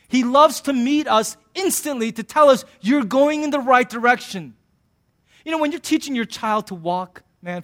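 A male pastor preaching a sermon in a humorous, conversational way, acting out little voices in his asides. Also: extremely high pitch. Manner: animated, acts out voices in asides.

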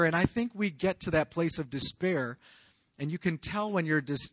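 A man in his thirties preaching a sermon in an earnest, confessional way, moving from hushed lines to loud raised outbursts. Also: on the high side, lively intonation, normal speed, dry recording. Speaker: pastor.

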